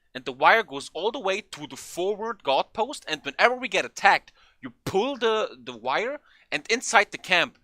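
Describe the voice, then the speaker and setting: A young man telling a funny story in a casual, animated way, swearing often and acting out what people said. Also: on the high side, dry recording. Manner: animated, swearing, acts out quotes in a raised voice. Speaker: vlogger.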